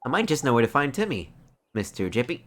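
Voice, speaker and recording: A woman voicing a bossy older man neighbor in a game, loud, teasing and scolding. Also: rumbling low, big pitch swings, fast, slight background noise, pitched above the performer's own voice.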